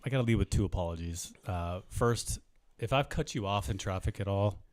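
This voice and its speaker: A man's voice: lowish voice, brisk, a little hiss or hum. A man co-hosting a casual sports podcast, talking in an earnest, mock-mournful way with frequent restarts. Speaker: podcast co-host.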